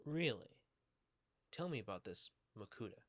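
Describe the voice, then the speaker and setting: A woman voicing a wary, blunt young man held captive, in a low, gruff put-on voice. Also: very animated, moderate pace, muffled recording, heavily acted.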